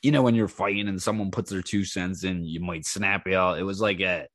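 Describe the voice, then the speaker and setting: In this casual storytelling monologue, a man hosting his own podcast delivers outrageous tales at a brisk clip, cursing freely, laughing along and voicing the people involved at raised volume. His voice sits low, and the studio sound is clean with no room sound.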